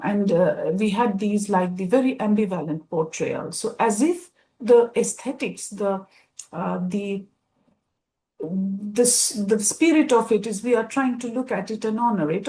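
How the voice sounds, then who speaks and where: A woman from India, giving an academic lecture in a thoughtful, measured way, often pausing to find her words. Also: medium pitch, darkish tone, rough recording.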